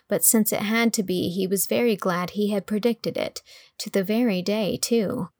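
A woman's voice: mid-range voice, dry recording, clean studio sound. Woman narrating an audiobook. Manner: clear, measured storytelling. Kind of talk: scripted narration.

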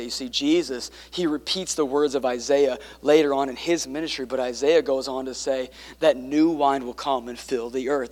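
A man preaching a sermon, swinging between quiet, intimate passages and emphatic ones, with joking asides to the congregation. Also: medium pitch, big-room sound. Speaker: pastor.

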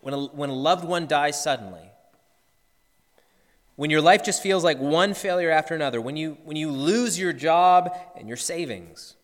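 A man's voice: a little high, normal speed, in a large hall. A man, a pastor, preaching an earnest sermon and acting out the disciples' cries.

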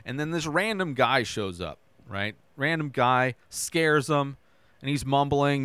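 A man's voice: mid-range voice, measured pace, a bit bright, clear, resonant tone, dry recording. A man hosting a podcast, casually retelling a TV episode scene by scene, tossing in "right?" and loose quoted dialogue. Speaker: podcast host recapping a TV episode. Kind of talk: casual recap.

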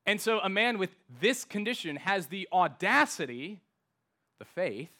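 A man preaching a sermon as pastor, emphatic, slowing down to stress key words. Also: sits high, sing-song, bright, forceful tone.

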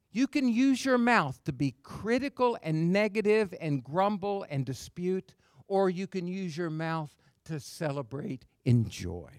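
A man's voice: on the high side, no room sound, clean studio sound. A man preaching a sermon as pastor, emphatic, with call-and-response asides and phrase endings that drop to a near whisper.

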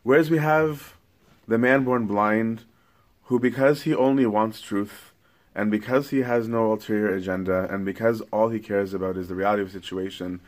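A man's voice: lowish voice, moderate pace. A man teaching scripture in a casual, conversational sermon, often tagging his points with "right?". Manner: casual, keeps checking in with "right?". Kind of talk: conversational Bible-study sermon.

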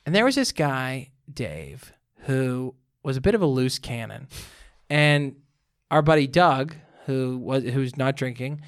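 A man's voice: medium pitch, measured pace. A young man telling a rambling college story in casual chat, full of "like" and acted-out dialogue. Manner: rambling, animated storyteller with lots of "like".

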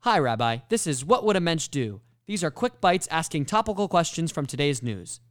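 A man working as a producer, briskly introducing a quick segment. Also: on the high side, big pitch swings.

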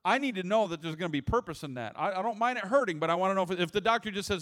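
A man's voice: sits high, lively intonation, quick pace, few pauses, a bit bright. A man preaching a sermon in a conversational, humorous way, often restarting his words. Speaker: pastor.

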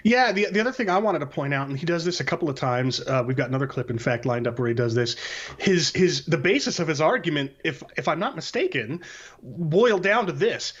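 A man's voice: on the high side, animated, a little fast, a bit bright, breathy edge, lo-fi sound. A man co-hosting a casual discussion who reasons aloud in rhetorical questions. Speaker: co-host.

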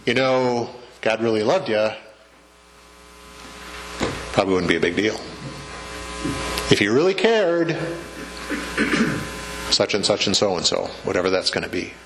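Speaking unhurriedly with long pauses, the pastor has a fairly low, animated voice set against background noise. In the church sanctuary he keeps the sermon chatty, joking and questioning his congregation.

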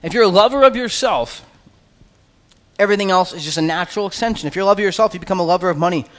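A man preaching an expository sermon as pastor, earnest and conversational, with quick asides. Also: high-pitched, in a large hall.

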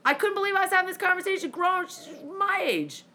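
A woman's voice: very high-pitched, fast talker. A woman telling a story in casual chat, swearing freely and acting out both sides of the conversations. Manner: profane, animated, acts out dialogue.

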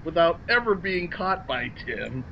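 Sarcastic co-host, very lively pitch, slightly lo-fi sound with faint noise. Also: measured pace, gravelly. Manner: wisecracking, animated, sarcastic quips. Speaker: podcast co-host. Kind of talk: casual TV recap chat.

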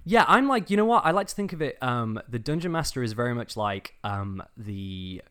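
A man's voice: medium pitch, very animated, moderate pace, a bit bright, clean tone. A man with a Northern English accent, chatting casually as an interview guest, friendly and self-deprecating with frequent restarts. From England. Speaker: guest, dungeon master.

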